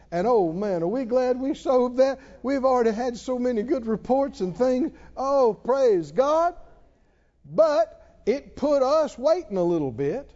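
A middle-aged male pastor preaching a sermon, emphatic and rising to loud exclamations. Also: sits high, dull audio.

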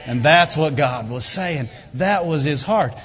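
Male preacher, slightly high husky voice, swings between loud emphasis and quiet asides, dull live church recording. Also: lively intonation, unhurried. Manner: conversational preaching, often asks "Right?". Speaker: pastor. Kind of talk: sermon. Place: church hall. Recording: dull reverberant hall recording.

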